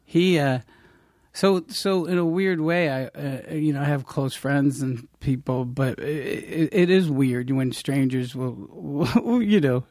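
A man's voice: mid-range voice, a little slow, darkish tone, dry recording. Man, casual storyteller, rambling with fillers, dry close sound. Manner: rambling, many fillers and restarts, laughing asides. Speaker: guest telling stories; television director.

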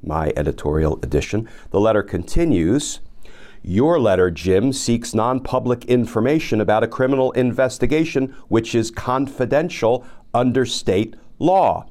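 A man's voice: mid-range voice, expressive, moderate pace, darkish tone. A man hosting a legal commentary podcast, reading a letter aloud and paraphrasing it with sarcastic asides. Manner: sarcastic, addresses the absent target by name; reads quoted letter aloud then paraphrases it. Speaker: podcast host.

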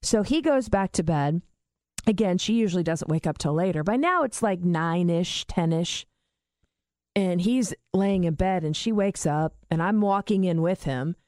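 A woman tells a family story in a relaxed chat, swinging her pitch up high whenever she quotes someone. The sound is close and dry, with no room around it. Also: normal speed, no room sound. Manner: animated, acts out quotes with big pitch jumps.

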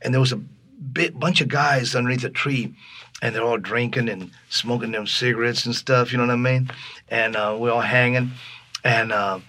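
A man's voice: mid-range voice, moderate pace. A man from Texas telling stories in an interview, acting out the voices of people in his tale. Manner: animated storyteller acting out voices. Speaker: guest musician. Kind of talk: storytelling interview.

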